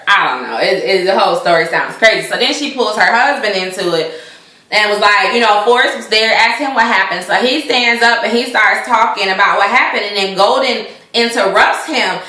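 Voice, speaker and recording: A woman recaps a reality show in a chatty, indignant way, full of fillers and restarts. Her voice is bright and sharp, and her home recording has a clear echo around it. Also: medium pitch, normal speed. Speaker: vlogger reviewing a reality show. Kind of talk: casual opinionated recap.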